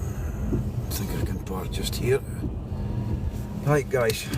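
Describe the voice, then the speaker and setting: A man's voice: fairly low pitch, slow pace. A Scottish man chatting casually on a phone live-stream while he drives and then walks out in the snow, greeting his viewers again and again. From Scotland. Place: in a car, then outdoors in snow. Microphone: mobile phone. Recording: phone mic with road and car noise.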